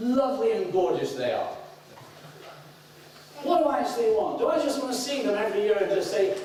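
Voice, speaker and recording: Animated Lancashire preacher in echoey hall. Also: male voice, sits high, a little fast, a crowd in the background. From north of England. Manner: animated, with sudden whoops and acted-out quotes. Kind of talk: sermon. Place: church hall. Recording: echoey hall, mic at a distance.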